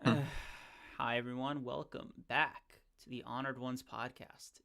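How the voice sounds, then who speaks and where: A man hosting a podcast in casual chat, joking deadpan and using lots of ums. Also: mid-range voice, unhurried, gravelly. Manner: dry, deadpan joking with many fillers. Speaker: podcast host.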